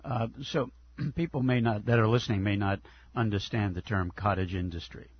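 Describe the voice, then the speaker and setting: A man hosting a radio interview, asking questions in a halting way, stumbling and repeating words. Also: fairly low pitch, fairly even intonation, highs cut off, a little hiss or hum. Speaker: radio host.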